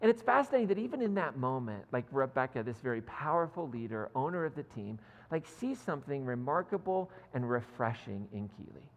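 A male pastor giving a sermon as animated storytelling, with self-deprecating asides. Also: mid-range voice, brisk, hardly any pauses. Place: church sanctuary. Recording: long hall reverb.

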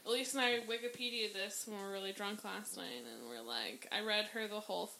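Bright-voiced chatty woman. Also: mid-range voice, a little fast, vocal fry, slight background noise, poor audio. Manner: animated, laughing, swears freely. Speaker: podcast co-host. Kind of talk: casual chat.

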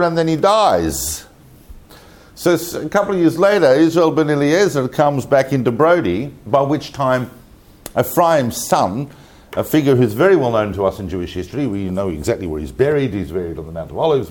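A man giving an informal history lecture, telling the story in an animated, conversational way with asides to his listeners. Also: on the low side, slight background noise. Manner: conversational, with frequent fillers and repetitions.

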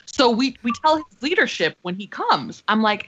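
A woman's voice: mid-range voice, sing-song, moderate pace, hardly any pauses, bright, forceful tone. A young adult woman, a podcast co-host, telling a long story in casual chat, with blunt, profane emphasis. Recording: dull lo-fi podcast audio.

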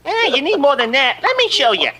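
A man's voice: very high voice, wildly swooping pitch, brisk, pushed and bright, a little hiss or hum, voice pushed up, heavily acted. A man voicing a smug, mocking puppet bully who gloats and taunts. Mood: taunting.

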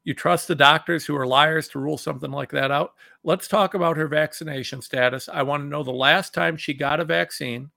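A middle-aged man from Ohio hosting his own talk show, giving heated, indignant commentary that swings between loud outbursts and low muttering. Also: steady tone, fairly quick, creaky, few pauses, dry recording, studio quality. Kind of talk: impassioned political commentary.

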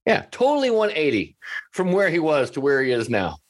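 A man's voice: a little high, a little fast. A man being interviewed on a podcast, telling stories casually and acting out the voices of the people he quotes. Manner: animated, acts out quoted voices. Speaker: restaurant coach, guest.

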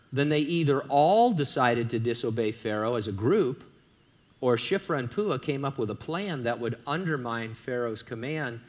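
A man preaching in a relaxed, conversational way, slipping in joking asides between points. His voice sits at an ordinary middle pitch, and he sometimes stumbles and repeats a word before going on. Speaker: pastor. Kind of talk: sermon.

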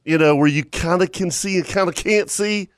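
A man's voice: sits high, normal speed, dry recording, studio quality. A man hosting a fishing podcast who tells stories in a rambling, repetitive way and laughs through them. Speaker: podcast host. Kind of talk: casual storytelling chat.

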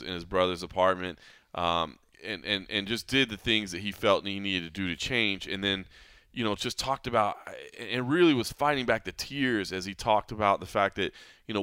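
A man's voice: low-pitched, bright, forceful tone, clean tone, dry recording. A man hosting a podcast about mixed martial arts, talking in an earnest, reflective way, often saying "man" and "you know". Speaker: podcast host. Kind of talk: casual podcast chat.

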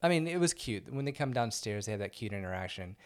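A man's voice: on the low side, lively intonation, fast. A man co-hosting a podcast, joking and chatting casually in a movie review. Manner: joking, chatty, prone to asides. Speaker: podcast co-host.

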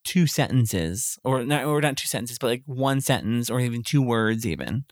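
Really low-pitched lady chatting on a podcast, laughs a lot, dry mic. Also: animated, moderate pace, darkish tone, no echo. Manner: chatty, laughs often, trails off mid-sentence. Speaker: podcast co-host. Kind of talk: casual chat.

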